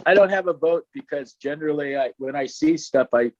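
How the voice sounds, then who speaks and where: A man joining a group discussion as a guest over a video call, hesitant and halting, often trailing off. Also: a little high, darkish tone, slight background noise. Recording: dull, muffled call audio.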